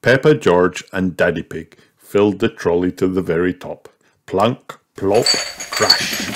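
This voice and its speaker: A man reading a children's storybook aloud, gentle and measured. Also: sits low. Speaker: narrator.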